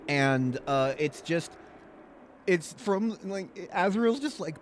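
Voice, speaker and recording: A man's voice: on the high side, lively intonation, slow, pauses often, a little hiss or hum. A young man streaming a game, chatting casually, laughing often and swearing. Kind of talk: let's play commentary.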